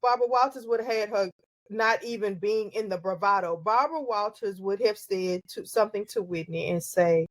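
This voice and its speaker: A woman's voice: medium pitch, no room sound. A middle-aged woman co-hosting a podcast in casual chat, explaining her views at length with frequent restarts. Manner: thoughtful, drawn-out explanations with many restarts. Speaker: podcast co-host.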